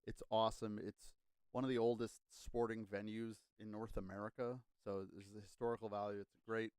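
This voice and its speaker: Smooth, dry-voiced upbeat man. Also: lowish voice, level tone, a little fast, darkish tone, dry recording. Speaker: podcast co-host reading sponsor spots. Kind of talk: casual sports chat.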